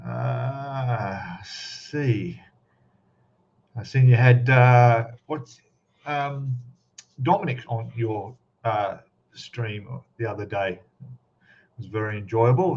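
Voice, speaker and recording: A man hosting a casual live stream, chatting and greeting viewers one by one by name. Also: medium pitch. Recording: slightly dull lo-fi sound.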